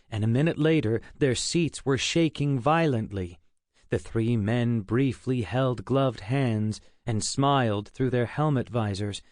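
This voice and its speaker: An audiobook is read by a man whose pitch is typical for a male voice, his delivery steady and measured. The recording comes from a close studio mic and sounds dry, without any room echo.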